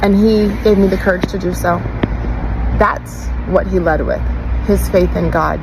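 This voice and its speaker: A woman's voice: lowish voice, unhurried, noisy background. A middle-aged woman giving a heartfelt tribute, grieving and indignant as a parent. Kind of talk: personal tribute vlog.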